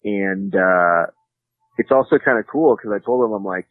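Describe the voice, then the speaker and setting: A man's voice: fairly low pitch, moderate pace, no echo, low-quality recording. Joking man rambling in a dry studio. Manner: joking, rambling with many fillers. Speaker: podcast host and jiu-jitsu commentator, guest. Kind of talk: casual interview chat.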